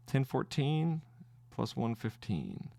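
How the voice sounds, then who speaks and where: A man hosting a trading podcast, thinking aloud through his trades in live commentary, halting and restarting as he counts wins and losses. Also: mid-range voice, sing-song, vocal fry, warm tone, no room sound.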